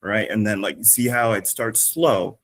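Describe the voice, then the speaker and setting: A man who is a fitness coach, explaining how to cue a group workout class in a relaxed discussion. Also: on the low side, normal speed. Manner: demonstrates energetic class cues, then calm explanations.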